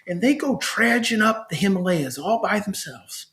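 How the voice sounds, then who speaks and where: A man's voice: high-pitched, normal speed, hardly any pauses. Middle-aged man telling stories animatedly. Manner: animated, acts out parents' voices when quoting them. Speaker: child behavior specialist, podcast guest. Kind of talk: conversational storytelling.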